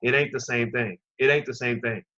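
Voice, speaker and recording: A man's voice: mid-range voice, steady tone, fairly quick, pushed and bright, muffled recording. A man hosting his own commentary show, talking to his listeners in an impassioned, preaching way. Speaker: commentary channel host. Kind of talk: opinion commentary.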